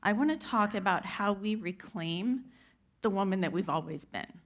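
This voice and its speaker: A woman's voice: mid-range voice, animated, moderate pace. A woman giving an inspirational speech from a stage, telling a personal story and speaking straight to her audience. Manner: heartfelt storytelling, addresses the audience directly. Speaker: keynote speaker. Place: event stage before a live audience.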